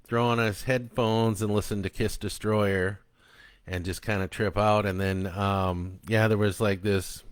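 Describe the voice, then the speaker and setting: A man's voice: deep voice, smooth, no room sound, clean studio sound. A man, the author, reading his own book aloud after a casual, chatty introduction full of ums and uhs.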